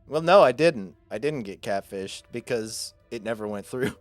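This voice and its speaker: A man's voice: medium pitch, expressive, normal speed, no room sound, faint music behind. A man in his twenties, a streamer, chatting casually with his viewers and rambling through a self-deprecating story full of fillers.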